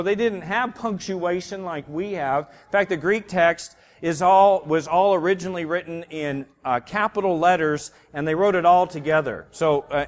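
A man leads a church Bible class in a slightly high voice, talking it through in a loose, explanatory way, stopping and restarting often. His voice trails off into the long reverb of a hall. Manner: casual, explanatory, with many fillers and restarts.

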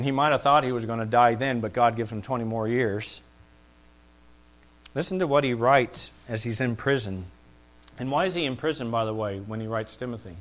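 A middle-aged male pastor preaching a sermon, swinging between loud, excited peaks and hushed, quiet asides. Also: mid-range voice.

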